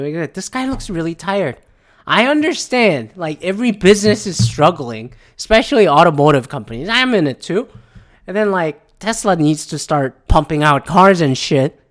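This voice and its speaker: An exasperated woman rants and rambles, swearing freely as she talks. Her voice sits on the lower side. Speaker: commentator; works in the auto industry. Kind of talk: profane rant.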